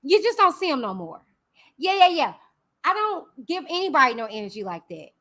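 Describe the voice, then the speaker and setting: Sassy female streamer, very high voice with big swings, slow easy dismissive rant. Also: big pitch swings, pushed and bright. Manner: dismissive, sassy, drawn-out talk with frequent laughs. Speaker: channel host. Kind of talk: casual livestream rant.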